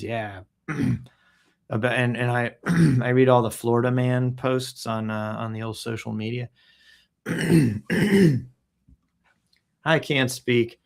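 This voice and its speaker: Man, livestream host, casual joking tone, hums little sound effects, clears throat a lot. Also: mid-range voice, extremely slow, long pauses. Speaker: livestream host reading news and posts. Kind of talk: casual live-stream commentary. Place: at home in Texas.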